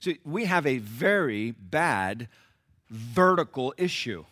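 A middle-aged man preaching with a bright, forward tone and a pitch that leaps all over. He shifts from quiet, low asides to loud, high-pitched outbursts, acting out the people in the story. A dramatic pulpit delivery. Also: sing-song, slow pace. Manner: acts out the voices of the people in the text. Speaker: pastor. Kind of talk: sermon.

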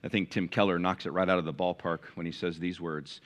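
A male pastor preaching a sermon to a large church, swinging from loud emphatic peaks to quiet, hushed lines. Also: sits low, steady tone, brisk, few pauses. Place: large church with balcony, live congregation.

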